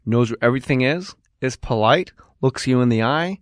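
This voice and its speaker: A middle-aged man hosting a comedy podcast jokes around casually and reads an ad, animated and full of put-on voices for quotes. His pitch is medium and his speed normal, captured as a dry, studio-quality recording.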